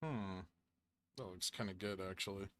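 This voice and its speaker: A man's voice: deep voice, moderate pace, a bit bright, no room sound. A man hosting a casual stock market livestream, answering chat and thinking aloud over charts in an offhand, muttering way.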